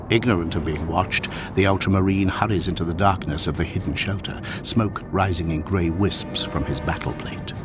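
A male narrator with a deep, low voice reads a grim science-fiction tale in a hushed, dramatic manner, sometimes sinking almost to a whisper. Clear music plays behind him throughout. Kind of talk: scripted audiobook narration.

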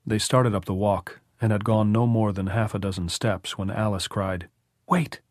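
Low-voiced male audiobook narrator. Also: level tone, normal speed, a little mellow, no room sound, clean studio sound. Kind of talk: scripted narration.

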